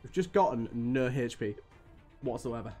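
A man's voice: mid-range voice, lively intonation, moderate pace, mellow, soft background music. A young man streaming a game live, grumbling and swearing at it as he plays. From United Kingdom. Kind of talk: live gameplay commentary.

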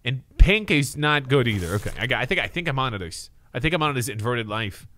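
A male streamer chatting excitedly to his live chat, loud and swearing, reacting and thanking viewers. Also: medium pitch, fast.

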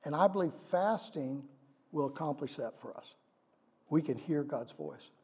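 Warm-voiced man preaching in a hall. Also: a little high, expressive, moderate pace, slightly rough. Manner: conversational, asks the congregation questions. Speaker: pastor. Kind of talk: sermon. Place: church sanctuary. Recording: long reverb of a large hall.

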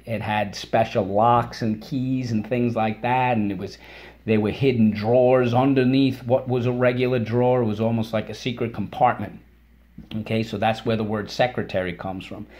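A man teaching a vocabulary and phonics lesson, patient and encouraging, having listeners repeat words and chanting syllables in a higher voice. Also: darkish tone.

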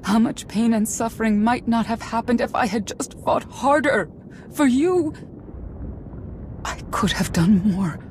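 Remorseful warrior mother voiced by a woman, slow and earnest, pleading, game cutscene. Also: on the high side, darkish tone, slight background noise, natural voice. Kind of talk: video game dialogue.

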